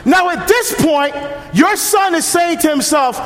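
A male deacon preaches in a high, bright-edged voice. His delivery is animated and punchy, with shouts for emphasis. The sound booms around a large church with a long, ringing reverb. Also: a little slow, noisy background. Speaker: deacon giving a parish mission. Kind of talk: sermon.

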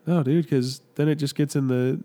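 A man's voice: fairly high pitch, steady tone, normal speed, mellow. A young man co-hosting a podcast, trading crude, self-mocking jokes in casual banter. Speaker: podcast co-host.

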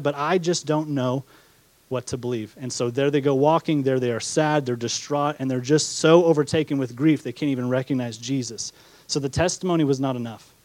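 Reading from scripture and unpacking it with rhetorical questions, this preacher speaks in a fairly high voice with a darkish tone. He voices the disciples' doubts as little acted-out asides, with no room sound on the recording.

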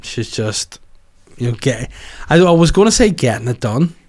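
A man's voice: medium pitch, normal speed. Rambling, swearing male podcast host. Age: adult, has children. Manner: rambling, animated, swears freely. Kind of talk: casual podcast chat.

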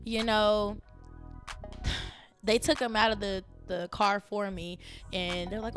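A woman in her thirties hosting her own podcast from home, chatting casually and animatedly, laughing and jumping up high when she quotes her own thoughts. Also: fairly even intonation, measured pace, soft background music. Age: 30s. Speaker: podcast host. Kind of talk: casual solo podcast chat.

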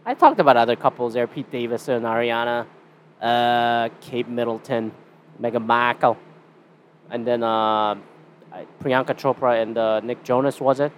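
A man's voice: medium pitch, normal speed, slight background noise. A young Canadian man hosting a casual solo podcast, rambling and swearing with a sarcastic edge. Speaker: podcast host.

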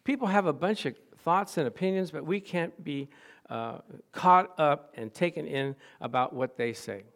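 A middle-aged male pastor preaching a sermon, telling stories with lively acted-out quotes and frequent laughter. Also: a little high, normal speed. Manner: animated storytelling, acts out quotes, laughs often.

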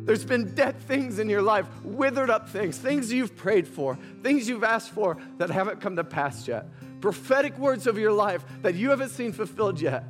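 A man with a high voice preaches an emotional sermon, building his points through repeated phrases. He sounds moved and impassioned as he addresses viewers watching from home. Soft guitar plays faintly behind him. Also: lively intonation, moderate pace. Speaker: pastor. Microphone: streamed to online viewers.

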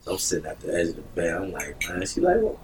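A man's voice: low-pitched, steady tone, fast. A man telling a story in casual chat as a podcast guest. He swears a lot, laughs often and acts out voices. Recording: distant mic with faint background noise.

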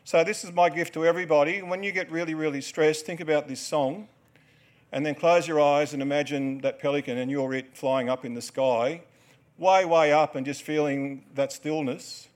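A man's voice: on the high side, fairly even intonation, normal speed. Australian man joking with a live audience. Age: 40s. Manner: joking, storytelling, instructing a crowd. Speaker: dancer and performer. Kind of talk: live stage talk to an audience. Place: stage before a live audience.

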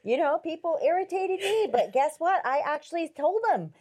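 A woman's voice: very high voice, animated, normal speed, darkish tone. A woman in casual chat, candid and self-mocking, talking easily.

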